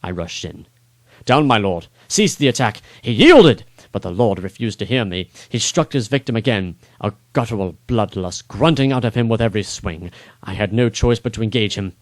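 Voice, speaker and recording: A man reading his own first-person adventure story aloud in a dramatic, expressive way. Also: on the low side, brisk, dry recording. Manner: expressive, rising on action beats.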